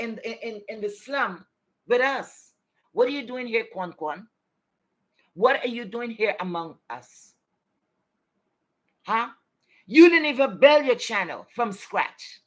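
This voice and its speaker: A woman's voice: a little high, fairly bright tone, rough recording. Woman vlogger, angry rant, scolding and profane, repeats herself for emphasis, fires off rhetorical questions. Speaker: commentary vlogger.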